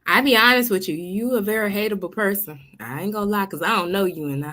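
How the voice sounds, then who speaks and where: A woman's voice: medium pitch, fast, sharp tone, soft background music. A woman hosting a reaction video, giving blunt, sarcastic commentary on a clip. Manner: blunt, sarcastic, laughing remarks.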